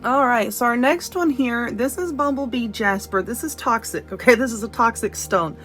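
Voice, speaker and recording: A woman's voice: on the high side, fairly bright tone. Blunt, chatty woman reading cards. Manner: chatty, blunt, frequent "okay?" and "you know"; laughs and yawns between points. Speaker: tarot and Lenormand card reader. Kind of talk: casual card reading to camera.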